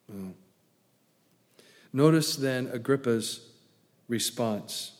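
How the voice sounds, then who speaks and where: A man preaching a sermon in a fairly high voice, telling the story with energy and acting out each quote. He swings from loud emphasis to hushed asides, and his voice trails off into the long reverb of a large church sanctuary. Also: animated, measured pace. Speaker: pastor.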